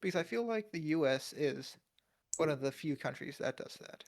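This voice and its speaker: A man's voice: on the high side, animated, normal speed, gravelly. A young man co-hosting a podcast in casual chat, rambling with lots of fillers and laughing often. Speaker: podcast co-host.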